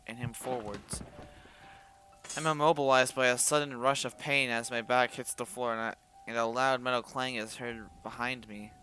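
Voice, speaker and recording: A man reads a visual novel aloud in the first person, giving the narration feeling in a sharp-toned, ordinary mid-pitched voice. He frequently stumbles and starts over, and breaks off for blunt sworn reactions while faint music plays in the background.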